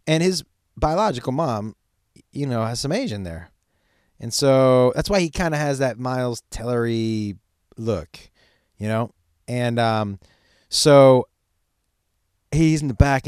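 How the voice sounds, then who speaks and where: A middle-aged man telling a profane, animated comedic story about his son. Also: medium pitch, smooth, no room sound, clean studio sound. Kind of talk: stand-up style storytelling.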